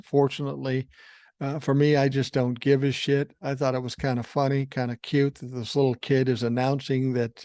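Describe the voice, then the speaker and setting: A man's voice: mid-range voice, dark tone, no room sound, clean studio sound. A man in his sixties from Minnesota, a podcast host telling family stories in a blunt, profane, wry way. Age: 60s. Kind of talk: casual storytelling. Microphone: podcast microphone.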